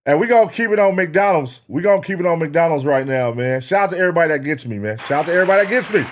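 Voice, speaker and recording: A man's voice: on the high side, animated, rapid-fire. Male reaction streamer, casual and profane, chatty with the audience. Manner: profane, rambling, talks to chat. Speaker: reaction show host.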